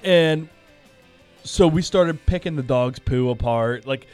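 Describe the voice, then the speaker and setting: A man's voice: mid-range voice, takes it slowly, a little mellow, clean tone, soft background music. A man hosting a podcast, telling stories in casual chat, laid-back and freely swearing. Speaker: podcast host.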